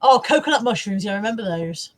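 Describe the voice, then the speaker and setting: A woman's voice: mid-range voice, lively intonation, quick pace. Chatty, swearing woman. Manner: chatty, laughs often, swears freely. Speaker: live-stream host reading viewer comments. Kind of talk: casual live-stream chat.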